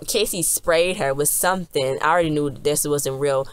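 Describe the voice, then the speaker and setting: Low-voiced woman rambling through a recap. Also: steady tone, normal speed, smooth, no room sound. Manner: rambling, chatty retelling with many restarts. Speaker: TV episode reviewer. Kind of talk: casual episode recap.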